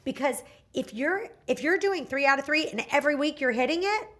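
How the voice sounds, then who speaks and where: A woman hosting a leadership podcast, telling lively anecdotes and acting out the people she quotes. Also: sits high, fairly quick. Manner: animated storyteller, acts out quotes. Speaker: podcast host. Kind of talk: casual leadership podcast chat.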